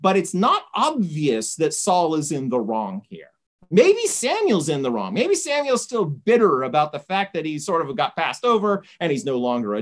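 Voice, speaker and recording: A woman giving an informal lecture, retelling a story conversationally and often checking in with "right?". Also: fairly low pitch.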